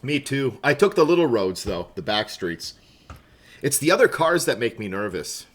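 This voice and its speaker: Lively, bright-voiced male game streamer. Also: medium pitch, normal speed. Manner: excitable, yelps and laughs at game moments. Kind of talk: casual gameplay chat. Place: room at home.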